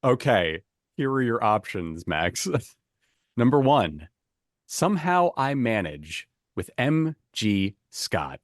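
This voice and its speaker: A man hosting a podcast quiz game, chatty and quick to laugh as he reads out the options. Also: medium pitch, sing-song, no echo, clean studio sound. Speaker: quiz host.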